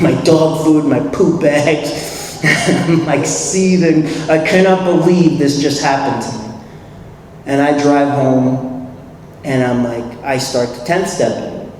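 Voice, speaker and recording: A man with a New York accent telling his recovery story at a convention, animated, acting out dialogue and laughing often. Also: mid-range voice. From New York City. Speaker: recovery meeting speaker. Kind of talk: personal recovery story talk. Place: convention hall. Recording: echoey hall, distant mic, faint hiss.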